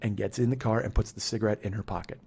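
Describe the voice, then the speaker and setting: A man's voice: lowish voice, fairly even intonation, fast talker, gravelly, darkish tone, breathy edge. A man hosting a comedy podcast, telling a story in a profane, heated ranting manner. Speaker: podcast host.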